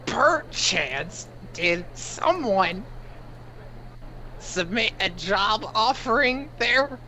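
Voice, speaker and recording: An overly courteous private detective, played by a tabletop gamer, drawn-out and lively in tone, full of grand greetings. His speech is slow and swoops up and down. A slightly dull recording with a faint hiss. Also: medium pitch, heavily acted. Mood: polite. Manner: mock-formal, flowery politeness.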